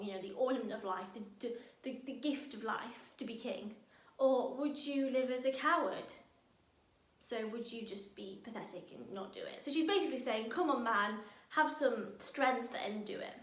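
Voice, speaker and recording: A woman with a fairly high voice leads a drama workshop, talking teenagers through a speech in a lively, chatty way. Her voice rings a little in a roomy space. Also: moderate pace. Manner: lively, chatty explainer who laughs now and then. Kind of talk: online lesson for teenagers. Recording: roomy echo.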